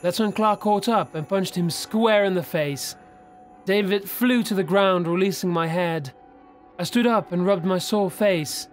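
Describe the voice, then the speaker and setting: High-voiced man narrating a horror story. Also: unhurried. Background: faint background music.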